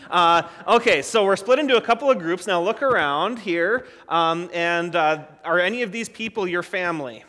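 A man leading a children's sermon as a pastor, gentle and encouraging, often restarting his sentences. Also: high-pitched, moderate pace, hardly any pauses, big-room sound. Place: church sanctuary.

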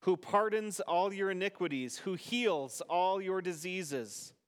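A man leading a service as pastor, reading scripture aloud to a congregation in an unhurried way. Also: high voice, smooth. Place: church sanctuary. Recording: long reverb of a church hall.

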